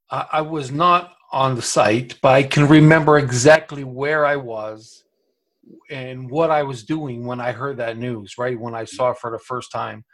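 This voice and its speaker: A man hosting an interview, thoughtful and halting, with frequent restarts. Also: mid-range voice, fairly bright tone. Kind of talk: casual interview conversation.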